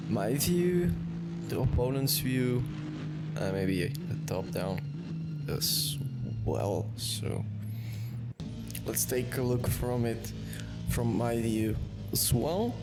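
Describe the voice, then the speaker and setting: A man hosting a sim racing channel, breaking down race replays in an analytical way and often correcting himself mid-sentence. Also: medium pitch. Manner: analytical, with frequent self-corrections. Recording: music bed under the voice.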